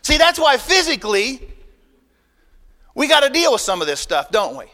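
High-voiced emphatic pastor in a hall. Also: male voice, very animated, moderate pace. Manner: folksy, emphatic, shifts between loud bursts and quiet asides. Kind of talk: sermon.

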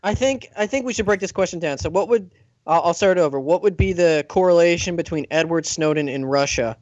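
A man hosts a loose podcast chat, reading listener questions aloud and often breaking into laughter. His voice sits a little high. The recording is dull and lo-fi, with a dry, close sound. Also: a little fast, a little mellow, dry recording. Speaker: podcast host. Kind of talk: casual chat.

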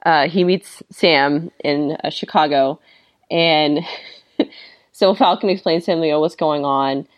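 Woman, low-pitched voice, casual podcast chat, enthusiastic, laughs often. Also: takes it slowly. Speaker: podcast co-host reviewing comics.

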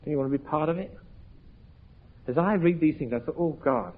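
Heard through a tinny, phone-like lo-fi recording, a man preaches an evangelistic sermon, earnest and pleading, pressing his listeners with questions as he rises to emphatic peaks. His voice is fairly high and he speaks a little fast.

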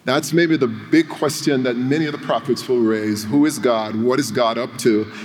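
A male preacher delivering a sermon, telling a story with dramatic pauses. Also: mid-range voice. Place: church. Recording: long reverb of a church hall.

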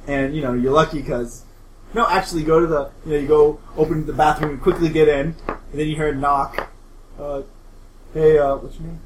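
A man's voice: on the high side, fairly even intonation, fairly quick, roomy sound, a little hiss or hum, rough recording. Rambling male game master. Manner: loose, rambling narration with fillers and laughter. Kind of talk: narrating a horror tabletop game.

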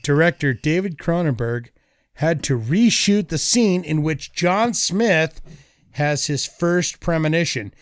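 A man hosting a casual podcast, reading out movie trivia and quiz clues in a slow, deliberate way. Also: a little high, expressive, dry recording, studio quality.

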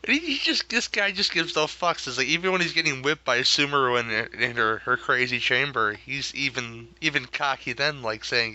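A man's voice: medium pitch, normal speed, few pauses, pushed and bright, dull audio. A man co-hosting a casual movie review chat, rambling and laughing and often repeating words as he talks. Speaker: podcast co-host.

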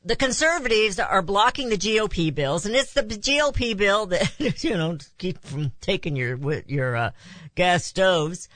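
A woman's voice: medium pitch, expressive, normal speed, fairly bright tone, no echo. A woman hosting a talk radio show, delivering an impassioned opinion monologue full of rhetorical questions.

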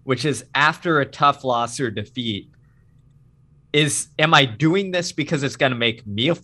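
A man's voice: mid-range voice, unhurried, bright, forceful tone. A middle-aged man who has coached, talking earnestly and emphatically in a casual podcast chat. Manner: earnest, emphatic, mixes in acted quotes.

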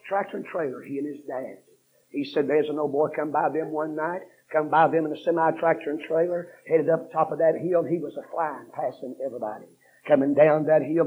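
A man preaching a fiery revival sermon, telling a story that builds from low, quick talk to shouted repetition. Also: slight background noise. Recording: dull lo-fi sermon recording.

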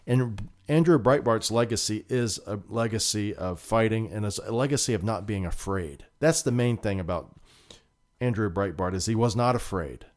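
A man's voice: lowish voice, moderate pace. A man hosting a political talk show, delivering emphatic, indignant commentary and often repeating himself.

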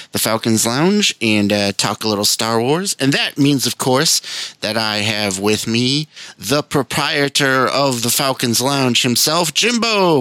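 Laid-back bright-voiced man hosting. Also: mid-range voice, no room sound. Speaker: podcast host. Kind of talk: casual podcast chat.

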